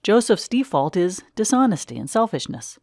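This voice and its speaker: A woman narrating a first-person memoir audiobook in a measured, expressive reading. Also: medium pitch, no room sound, clean studio sound.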